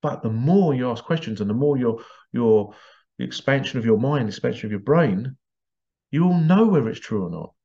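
A man's voice: mid-range voice, lively intonation, moderate pace, warm tone, dull audio. A man hosting a podcast in a casual, rambling monologue, digressing often and dropping in playful vocal sound effects. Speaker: podcast host.

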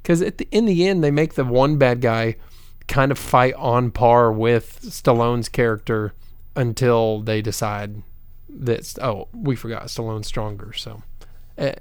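A man's voice: medium pitch, measured pace, clean tone. A man co-hosting a casual film review show, adding dry, joking asides. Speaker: film review podcast co-host.

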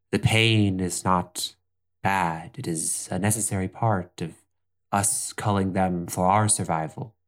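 A deep-voiced, unhurried old village elder who looks after the young ones, as a man puts him on. He speaks softly and soothingly, near a murmur, for a tabletop-style story game, with faint music behind. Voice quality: soft, soothing, slow. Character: calm old male village elder who teaches children.

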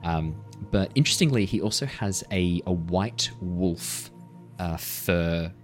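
A man's voice: low-pitched, slow, faint music behind. A man narrating as dungeon master, describing scenes with rambling restarts and ums. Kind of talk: narrating a tabletop game.

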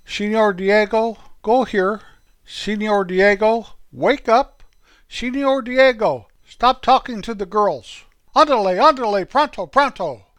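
A man's voice: high voice, slow pace, fairly bright tone, clear, resonant tone, dry recording, pitched above the performer's own voice. A man voicing a tall, kindly older male Spanish teacher who calls out students by nicknames in a singsong way. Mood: bossy.

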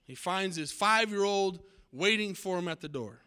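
Older male preacher, higher-pitched, exhorting, sermon storytelling. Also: animated, moderate pace, bright, forceful tone, clean tone. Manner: exhorting, direct address to the congregation.

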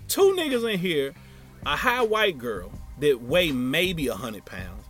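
A man recounting a chaotic memory in loose, profane storytelling. His voice sits a bit high and swings widely, from hushed asides to loud outbursts. Faint music plays underneath. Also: very animated, slow pace. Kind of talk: casual storytelling.

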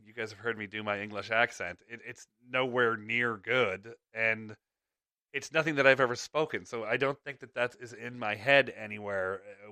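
A podcast host with a mid-range, bright, forceful voice rambles through casual chat, chuckling between thoughts. An ear infection gives his voice a slight clicky sound, and the studio recording has no room sound.

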